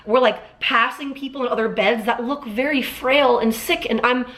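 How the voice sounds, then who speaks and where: A Los Angeles vlogger in her twenties tells a personal story to camera, her voice on the high side and a bit bright. She speaks at a normal speed with few pauses. She rambles and self-dramatizes, full of fillers and restarts.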